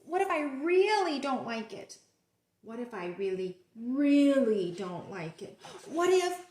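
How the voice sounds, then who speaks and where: A fretful young pigeon, put on by a woman reading aloud, frets in high, swooping, whiny questions. His voice leaps all over the place with dramatic worry. The sound rings in a roomy, echoing space. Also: very animated, slow pace, full character voice. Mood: worried. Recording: roomy echo.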